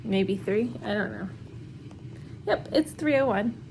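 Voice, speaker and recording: Slowly and with lively intonation, a medium-pitched homeschooling mom in her thirties rambles through a casual vlog chat while handling laundry at home. She leans on lots of fillers and nervous laughs, and background noise can be heard.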